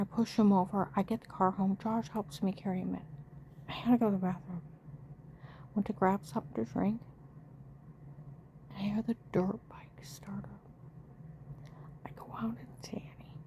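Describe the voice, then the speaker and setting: A woman's voice: medium pitch, steady tone, moderate pace, long pauses, dark tone, slight background noise. A middle-aged woman emotionally retelling a frightening family story, acting out the dialogue of the people involved. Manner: emotional, breathless retelling with frequent quoted dialogue. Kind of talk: personal testimony.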